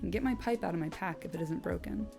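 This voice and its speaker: A woman's voice: on the low side, fast talker, vocal fry, darkish tone, faint music behind. A woman reading the part of a thoughtful young male hobbit, earnest and reflective.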